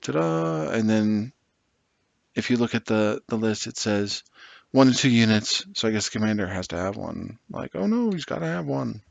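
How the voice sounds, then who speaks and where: A man's voice: fairly low pitch, animated, normal speed, gravelly, dry recording, lo-fi sound. A man rambling sarcastically and with exasperation as he builds a tabletop wargame army list, swearing now and then. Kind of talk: casual commentary while building an army list.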